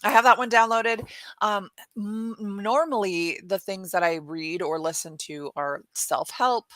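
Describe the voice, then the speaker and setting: A woman in her thirties with an American accent, co-hosting a morning talk show in rambling, animated casual chat. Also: mid-range voice, a little slow, dry recording. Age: 30s.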